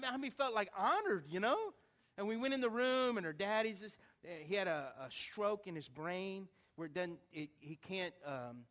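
A man preaching, a pastor telling a story in a lively, acted-out way to his church. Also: fairly high pitch. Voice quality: animated storyteller, acts out voices. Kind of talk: storytelling sermon.

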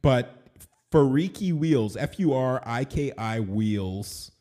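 A man's voice: mid-range voice, animated, slow, long pauses, mellow. A man hosting his own podcast in a casual, rambling monologue, often laughing at himself. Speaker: podcast host and animation studio owner.

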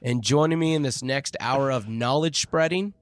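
A man's voice: mid-range voice, normal speed, no room sound. A man hosting a podcast in a jokey, upbeat casual chat. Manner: jokey, upbeat show-runner. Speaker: podcast host.

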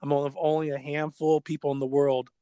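A middle-aged man, a former pro skateboarder, telling stories in casual chat, animated and repeating words as he goes. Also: fairly high pitch, fast talker, smooth, no room sound. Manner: animated, acts out quoted dialogue, repeats words.

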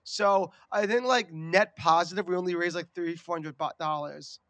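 A man with a strikingly high voice chats on his podcast, spinning a loud, foul-mouthed story with lots of energy. His voice sounds close and dry, with no room around it. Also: moderate pace, no echo. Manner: animated, profane storytelling. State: recovering from a lost voice. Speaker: podcast co-host. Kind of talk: casual chat.

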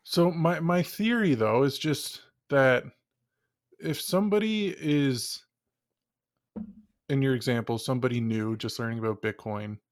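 Man, podcast host, casual chat, halting, searches for words, mid pitch. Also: no echo, clean studio sound.

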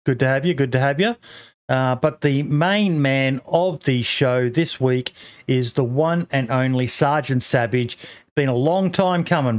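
An Australian man hosting a casual podcast, talking bluntly with plenty of swearing and ums. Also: mid-range voice. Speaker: podcast host.

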